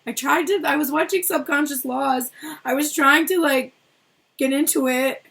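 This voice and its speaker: A woman's voice: sits high, moderate pace, gravelly, fairly bright tone, pitched above the performer's own voice. A woman putting on a flustered, defensive young woman. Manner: flustered, self-excusing, laughing nervously. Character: anxious defensive young woman fretting over hopes.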